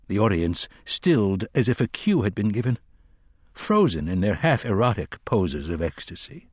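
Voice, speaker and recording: A man narrating a dark fantasy audiobook in a measured, dramatic reading. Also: fairly low pitch, sing-song, slightly rough, dry recording, clean studio sound. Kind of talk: scripted narration.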